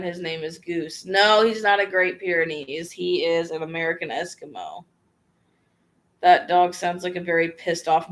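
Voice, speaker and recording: A woman vlogger with a lowish, fairly bright voice runs a casual livestream Q&A. She reads viewer questions aloud and answers them frankly and offhand, in a chatty, slangy style.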